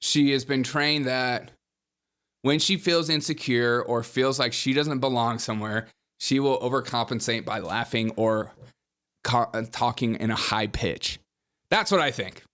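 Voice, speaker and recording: A man's voice: medium pitch, unhurried, fairly bright tone. Chatty podcast host man, often laughing. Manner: chatty, laughs between points, mocking. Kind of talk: opinionated casual commentary.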